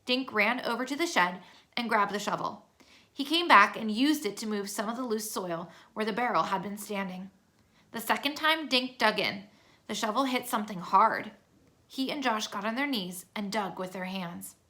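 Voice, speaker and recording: Bright-voiced woman reading a storybook. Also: medium pitch, moderate pace. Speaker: narrator. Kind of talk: reading a children's chapter book aloud.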